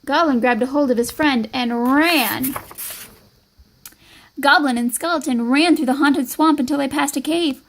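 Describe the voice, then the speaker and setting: Woman reader, high voice, lively read-aloud for kids. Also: measured pace, a little hiss or hum, rough recording. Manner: expressive, lively storytelling. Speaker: storybook reader.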